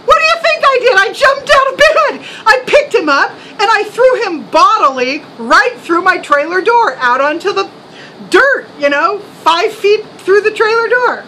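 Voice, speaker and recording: A woman's voice: very high voice, lively intonation, a little slow, noisy background. A woman voicing her shaken young adult son, who exclaims in a breathless rush and laughs as he recounts things. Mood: excited.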